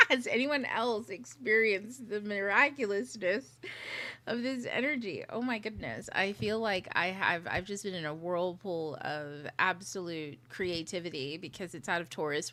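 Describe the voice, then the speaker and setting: A woman's voice: medium pitch, lively intonation, normal speed, bright, forceful tone. A woman hosting a casual livestream, chatting and thinking aloud while fixing her setup, sometimes whispering asides to herself. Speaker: livestream host. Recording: audible clicking noise.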